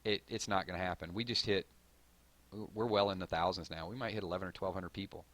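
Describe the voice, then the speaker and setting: A man with a Southern drawl hosting a live stream, reading viewer comments and hyping up his audience in a rambling, excitable way. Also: sits low, fast talker. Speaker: gaming channel host.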